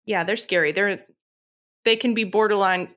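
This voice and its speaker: A woman's voice: medium pitch, fairly even intonation, normal speed, a bit bright. A woman podcast co-host in casual chat, laughing often and adding short remarks. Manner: laughs often, brief agreeing replies.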